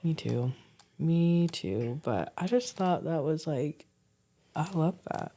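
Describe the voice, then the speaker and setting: A woman's voice: low voice, animated, slow, warm tone. A woman in her forties co-hosting a casual chat podcast, telling family stories with lots of laughter and casual swearing. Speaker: podcast co-host.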